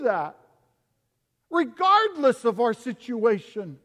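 A man preaching a sermon as pastor, impassioned, swinging from quiet to loud and piling up rhetorical questions. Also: very high voice, sing-song, slow pace. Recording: long hall reverb.

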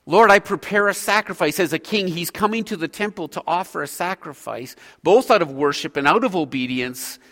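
A man preaching a sermon as a pastor, earnest and measured, pausing between phrases. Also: sits high, fairly bright tone. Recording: hall reverb.

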